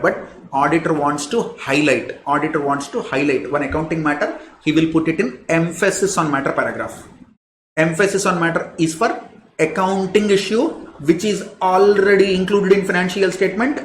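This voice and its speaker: Man lecturing on auditing, repeating phrases. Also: a little high. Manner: repeats key phrases for emphasis; animated teaching with asides and examples. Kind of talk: classroom lecture. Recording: echoey room with faint background noise.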